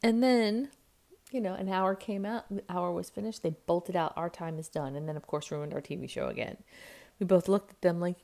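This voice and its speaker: A woman's voice: normal speed, vocal fry. A woman in her thirties, a mother chatting to her camera at home, rambling through a family story and acting out what people said. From United States. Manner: rambling storytelling, acts out quotes with jumps in pitch and loudness. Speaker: vlogger and mother. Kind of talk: casual chat to camera. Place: at home, indoors. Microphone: camera mic.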